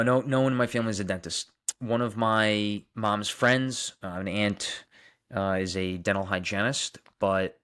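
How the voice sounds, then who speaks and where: A young man from Long Island, New York, with a Long Island accent, hosts a dentist livestream, casually reading viewer comments aloud and answering them. His voice is lowish with a fairly bright tone.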